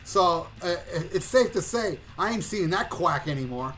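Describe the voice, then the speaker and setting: Male co-host, high bright voice, profane animated storyteller, light music bed. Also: moderate pace. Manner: animated, profane, acts out voices and shouts at punchlines. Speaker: podcast co-host. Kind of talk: casual storytelling chat.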